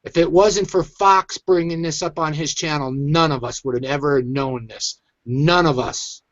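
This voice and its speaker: A man's voice: a little high, measured pace, no room sound, dull audio. A man hosting his own online show, venting in an agitated, emphatic rant. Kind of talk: angry ranting commentary.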